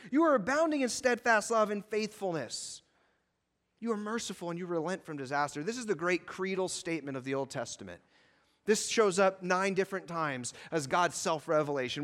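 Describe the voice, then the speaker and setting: Impassioned high-voiced male preacher. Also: in a large hall. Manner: impassioned preaching, swings between loud emphasis and quiet. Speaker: pastor. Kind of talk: sermon.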